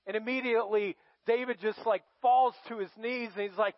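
A man's voice: extremely high pitch, fairly even intonation, brisk, hardly any pauses, dry recording. A man preaching a sermon as pastor, telling the story in a dramatic, emphatic way. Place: church. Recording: dry, dull lo-fi sound.

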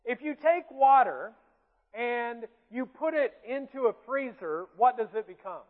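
A Southern preacher with an unusually high voice for a man, talking plainly and conversationally to his congregation and tossing questions out to them. The sound is thin and tinny, like a phone line, and a long reverb trails off every phrase in the big room. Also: expressive, unhurried. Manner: conversational preaching, asks the congregation questions, light self-mocking asides. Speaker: pastor. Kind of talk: sermon. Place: church sanctuary.

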